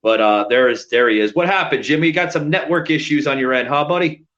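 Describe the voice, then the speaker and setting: A man's voice: a little high, fast, a bit bright. A man co-hosting a casual podcast, exasperated and profane, firing off rhetorical questions. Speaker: podcast co-host. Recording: dull lo-fi podcast audio.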